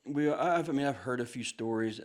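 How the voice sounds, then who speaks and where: A man in a casual interview, speaking haltingly with many restarts. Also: mid-range voice. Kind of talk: casual conversation.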